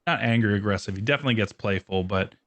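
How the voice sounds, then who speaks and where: A young man with a lowish voice talks in a loose, rambling way, full of fillers. He keeps it casual and easygoing, laughing often as he chats. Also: very fast, fairly bright tone, dull audio. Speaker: guest, metal band musician and dog owner. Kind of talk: casual podcast chat.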